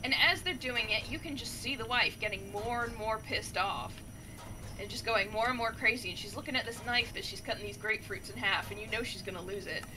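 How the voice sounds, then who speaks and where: A woman gaming streamer retelling a story in a chatty, animated way, with many fillers. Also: fairly high pitch, fairly quick, noisy background. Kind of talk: casual storytelling while playing a game.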